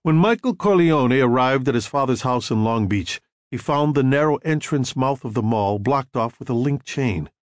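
Expressive male audiobook narrator, dry sound. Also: mid-range voice, no room sound. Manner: measured storytelling with acted dialogue.

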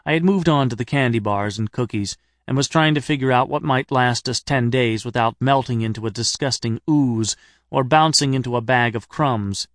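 A middle-aged man narrating an audiobook with wry, deadpan humor. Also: mid-range voice, moderate pace, dry recording, clean studio sound.

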